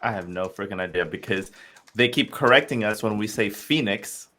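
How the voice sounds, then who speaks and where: A man with a fairly low voice chats on a crypto panel. He gets excited, speeds up in bursts, and laughs easily. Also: fairly quick. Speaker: round table panelist. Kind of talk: casual live-stream discussion.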